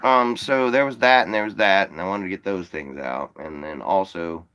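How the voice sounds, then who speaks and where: A man's voice: low voice, normal speed, a bit bright, slight background noise. A man hosting a live call-in show, chatting casually and rambling to his viewers with plenty of swearing. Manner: rambling and profane; talks to viewers directly. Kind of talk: casual livestream chat.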